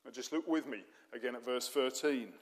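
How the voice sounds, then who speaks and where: A man's voice: medium pitch, fairly quick. A man preaching a sermon in a conversational way, with rhetorical questions and dry humour. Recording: long hall reverb.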